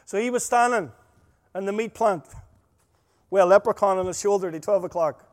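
A man preaching a sermon, emphatic and full of stories, his volume swinging between loud stresses and quiet asides. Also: high-pitched, moderate pace. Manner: emphatic, storytelling, rising and dropping volume. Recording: long hall reverb.

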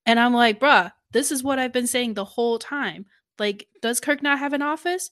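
A woman co-hosting a podcast in casual recap chat, animated, swearing freely and acting out quotes from the episode. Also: fairly high pitch, normal speed. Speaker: podcast co-host.

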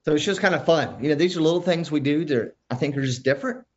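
Lively, animated male storyteller. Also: a little high, fast, lo-fi sound. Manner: animated storyteller who acts out family members' voices. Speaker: guest, father of five. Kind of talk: storytelling in conversation.

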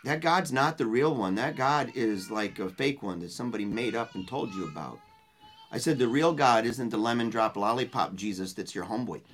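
A guest at a book launch sharing an emotional personal story in a loose, heartfelt way, dropping to a hushed voice at tender moments. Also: mid-range voice, animated, a little fast. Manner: earnest and emotional, dropping to a hushed voice when retelling words of comfort; loose spoken style with restarts and colorful phrases. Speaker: guest speaking at a book release party.

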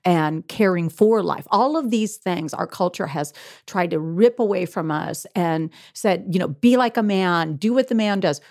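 A middle-aged woman with a lowish voice tells her story of faith earnestly as an interview guest, laughing often. The recording is dry and close. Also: normal speed, a little mellow, no room sound. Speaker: guest author. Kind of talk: faith-based interview conversation.

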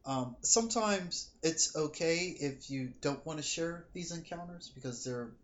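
A man's voice: a little high, measured pace, highs cut off. A man co-hosting a casual podcast as a psychic reader, telling stories animatedly and acting out what people said. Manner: animated storytelling, acts out quoted dialogue. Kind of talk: casual chat, storytelling.

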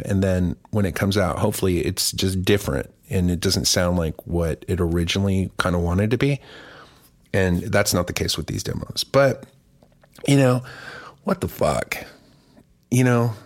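A musician with a cough chatting casually as host of his song club, rambling, profane and jokey. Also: fairly low pitch. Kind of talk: casual livestream chat.

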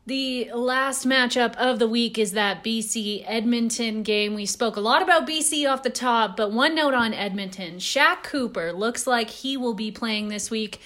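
Bright, brisk woman hosting a sports podcast. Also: fairly high pitch. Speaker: podcast host. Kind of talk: casual sports podcast chat.

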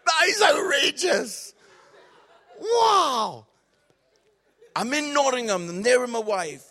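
A man with a Scottish accent, preaching to a congregation in a comic, animated storytelling style with acted-out quotes. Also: very high voice, slow. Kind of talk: humorous storytelling sermon.

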